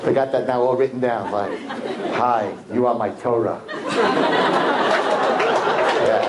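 A man, a rabbi telling a story to a live audience in an animated sermon, acting out the people in it. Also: a little slow, pauses often, roomy sound, over a noisy crowd, very noisy. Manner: animated storyteller acting out quotes, swinging loud and high. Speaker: rabbi giving a talk to young people.

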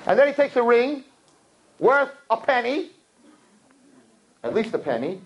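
A man teaching a religious lesson to a class, telling stories with lively acted-out voices and sudden pitch jumps. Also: unhurried, highs cut off. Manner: lively storytelling, jumps high in pitch, acts out characters. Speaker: rabbi teacher. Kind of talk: animated classroom lecture.

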